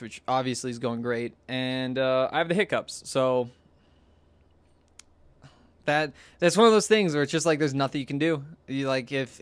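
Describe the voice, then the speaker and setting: A young man talks through a solo podcast in a loose, chatty ramble, tripping over restarts and fillers. His voice sits a touch high for a man, and the sound is close and dry with no room around it. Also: no echo. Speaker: podcast host. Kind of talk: casual solo podcast talk.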